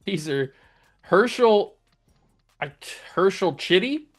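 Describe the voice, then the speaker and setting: A man's voice: high voice, lively intonation, slow pace, faint music behind. A young man hosting a gaming channel, chatting casually and laughing while reading through odd player names. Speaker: gaming YouTuber host. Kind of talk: casual game commentary.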